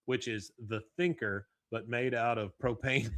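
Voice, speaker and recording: A man's voice: mid-range voice, measured pace, no echo. A man hosting a podcast, recapping an episode in casual chat and acting out the characters' lines. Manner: animated retelling, voicing characters' lines. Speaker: podcast host.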